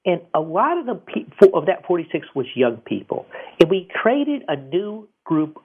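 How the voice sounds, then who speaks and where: A man with a somewhat high, gravelly and husky voice hosts a call-in money advice radio show. He talks casually and rambles, stumbling over repeated restarts. The sound is thin and tinny, like a phone line. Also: sing-song, normal speed.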